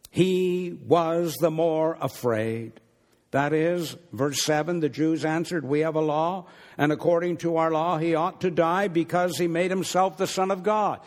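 A man preaching a sermon, reading verses aloud and driving points home with deliberate repetition. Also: mid-range voice, long reverb tail. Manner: slow, deliberate Bible exposition with emphatic repetition.

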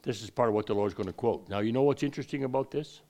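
A man with a gravelly, fry-laden voice leads a Bible lesson. He reads the verses slowly and deliberately, then drops into quick, easygoing explanations. His pitch sits in an ordinary middle range. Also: mellow. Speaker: preacher. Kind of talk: Bible teaching.

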